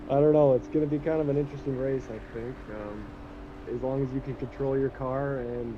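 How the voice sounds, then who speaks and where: A man's voice: medium pitch, fairly even intonation, fairly quick, lo-fi sound, background noise. A man interviewed as a sim racing driver, answering in a laid-back, hesitant way.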